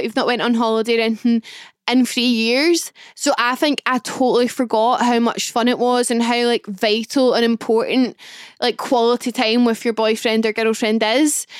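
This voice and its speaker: A woman's voice: on the high side, clear, resonant tone, no room sound, clean studio sound. A young woman, chatting alone on her podcast in a gushing, emotional way, full of fillers. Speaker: podcast host. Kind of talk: casual solo podcast chat.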